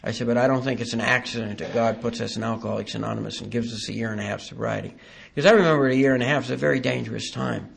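A man giving a halting, earnest personal testimony at a recovery meeting, with dry self-deprecating humor. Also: medium pitch, fairly even intonation, vocal fry, slight background noise.

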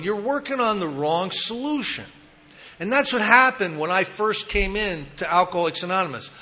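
A man's voice: high voice, sharp tone. A man giving a personal recovery talk, telling his story candidly with self-mocking humor. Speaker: recovery speaker at a support meeting.

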